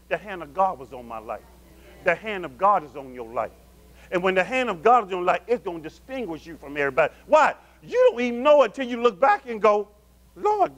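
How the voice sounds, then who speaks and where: Man, pastor, sermon, high voice, call-and-response, loud then hushed. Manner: call-and-response preaching, asking the congregation questions; swings between loud emphatic calls and low murmurs.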